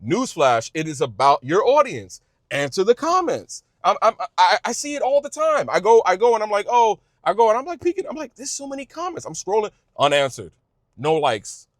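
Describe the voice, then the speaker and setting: Male creator, passionate advice-giver; lively swooping pitch, stumbles and restarts, folksy. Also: normal speed, no echo, clean studio sound. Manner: emphatic, repetitive, stumbling restarts; informal speech, says y'all. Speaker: YouTube creator giving advice. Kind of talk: passionate direct-to-camera advice.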